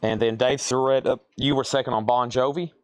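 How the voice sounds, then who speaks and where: A man's voice: mid-range voice, steady tone, fairly quick, no room sound. Guy running a live poster sale, calling prices and names, dry close sound. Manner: calls out prices and buyer names, thinks aloud. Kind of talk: live auction selling.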